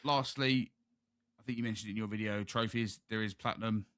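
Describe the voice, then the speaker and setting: A man's voice: fairly low pitch, steady tone, fairly quick, fairly bright tone, no room sound. A British man hosting a gaming podcast, chatting casually in a rambling, jokey way. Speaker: podcast host. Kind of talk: casual chat.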